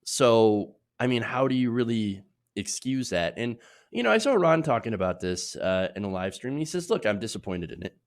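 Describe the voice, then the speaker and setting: A man with a head cold hosts a casual political commentary show. He is opinionated and loose, with plenty of fillers and restarts, at a middle pitch. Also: big pitch swings, normal speed. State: sick with sniffles.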